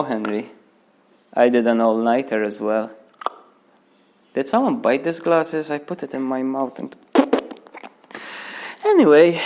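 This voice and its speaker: A young man reading a crude comic story aloud, breaking off for mocking asides to the listener. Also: on the high side. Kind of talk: mock bedtime story reading.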